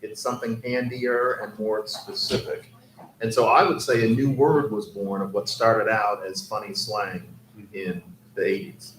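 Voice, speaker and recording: Lively low-voiced man in a roomy hall. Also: measured pace. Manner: lively, questioning, precise academic phrasing. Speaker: linguist author on a panel. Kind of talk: panel discussion. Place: event hall. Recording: roomy hall with faint noise.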